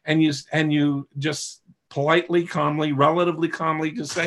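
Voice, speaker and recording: This webinar coach has a fairly high voice, a flat delivery and a slightly quick pace, with noise in the background. Speaking through a video call microphone, he patiently explains material to his live online class and frequently checks on his listeners.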